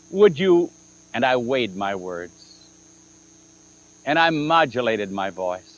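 A man's voice: mid-range voice, very animated, unhurried. A man preaching a sermon, telling a story and acting out the dialogue with shifting emphasis. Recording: dull lo-fi archival recording with mains hum.

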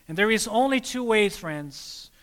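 Male preacher, high and bright, call-and-response sermon style. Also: expressive, unhurried, big-room sound. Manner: prompts listeners to fill in words, calls them friends.

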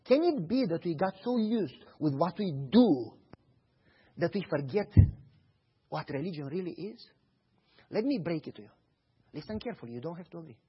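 A man preaching a sermon, telling stories in an animated way and acting out the dialogue. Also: on the high side, breathy edge, muffled recording. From Romania. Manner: animated storytelling, acts out dialogue.

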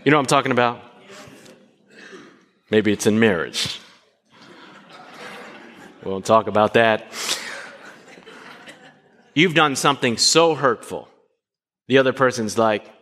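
Preaching at a measured pace and leaving long pauses, this pastor speaks in a mid-range voice. He stays animated, questioning the congregation and acting out short dialogues, and the audio echoes with long hall reverb.

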